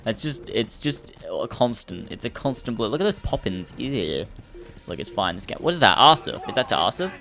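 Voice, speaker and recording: A man's voice: mid-range voice, big pitch swings, moderate pace, vocal fry, bright, forceful tone, soft background music. Rambling, swearing young man gaming. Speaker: let's play host. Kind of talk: casual gameplay commentary.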